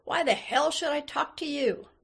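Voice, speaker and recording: A woman's voice: mid-range voice, normal speed, gravelly, a bit bright. A woman voicing a big, mean, drunk male laborer who roars and hollers belligerently.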